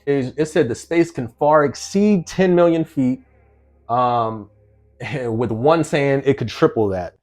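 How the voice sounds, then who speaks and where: A man from New Jersey riffs on an article in a loose, conversational vlog style. His voice sits at a middle pitch and he keeps breaking into short laughs and rhetorical questions. Soft music plays faintly in the background. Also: slow. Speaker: vlogger. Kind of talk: casual commentary reading an article.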